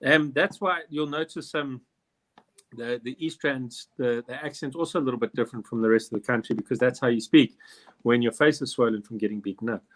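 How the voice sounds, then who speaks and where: A man's voice: mid-range voice, steady tone, fairly quick. A man from South Africa hosting a comedy quiz, rambling and mocking himself between questions. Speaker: quiz host. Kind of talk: joking quiz banter.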